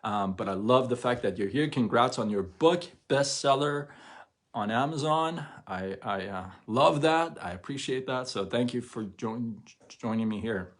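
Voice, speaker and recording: A man with a low, husky voice speaks slowly on his own livestream. He talks earnestly and with feeling, sometimes stumbling over words. The sound comes through a webcam or phone mic. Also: animated. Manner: stutters when emotional, tearful, emphatic retelling. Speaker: livestream host. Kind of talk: emotional livestream monologue.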